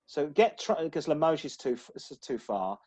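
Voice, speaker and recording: A man's voice: on the high side, very animated, normal speed, darkish tone, husky. A man co-hosting a casual podcast, talking in a chatty, rambling way with frequent restarts. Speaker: podcast co-host. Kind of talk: casual chat.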